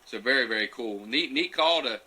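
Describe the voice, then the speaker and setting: A champion turkey caller answers live questions from his futon couch at home, chatting casually in a Q&A. His mid-range voice is pushed, bright, slightly rough, and lively at a normal speed. Folksy and friendly, he chuckles between answers and calls people buddy and brother.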